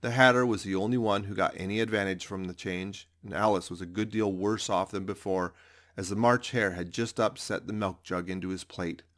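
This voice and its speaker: A man with a fairly low voice reads a storybook aloud. His narration is measured and expressive, moving steadily through the scene. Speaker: audiobook narrator.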